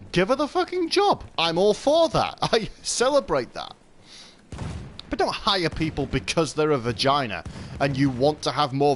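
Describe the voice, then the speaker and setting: A British man gives tipsy, sweary gaming commentary in a sarcastic rant. His pitch leaps and dips animatedly, sitting a touch high for a man. A faint hiss runs under his voice. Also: fairly bright tone. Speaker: gaming channel host.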